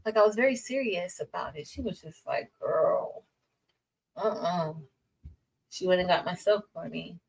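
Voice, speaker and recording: A woman's voice: on the low side, lively intonation, fairly quick, vocal fry, few pauses, slightly rough. Chatty woman teacher, slightly distant mic. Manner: chatty, addresses viewers as y'all, reads chat aloud. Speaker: teacher and livestream host. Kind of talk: casual livestream chat.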